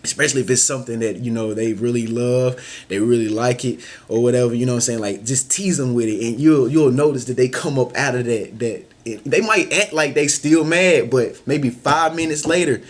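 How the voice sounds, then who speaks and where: A man's voice: mid-range voice, a little fast. A man talking casually to camera with life advice, loose and slangy, often saying "you know what I'm saying" and acting out little scenes in other voices. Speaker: vlogger giving advice. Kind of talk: casual motivational talk.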